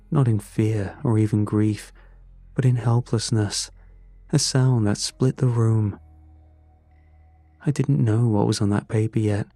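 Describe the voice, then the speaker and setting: A man tells a first-person story in a slow, measured way. His voice sits low and mellow, with a somber, unhurried delivery. Faint music plays underneath. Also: no echo. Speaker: narrator.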